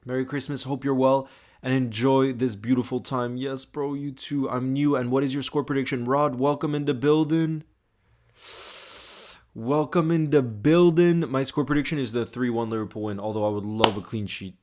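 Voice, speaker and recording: A man's voice: mid-range voice, fairly even intonation, a little fast, a little mellow. Young man chatting on a livestream. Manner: chatty, greets viewers by name. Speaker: livestream host. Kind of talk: casual live-stream chat reading comments.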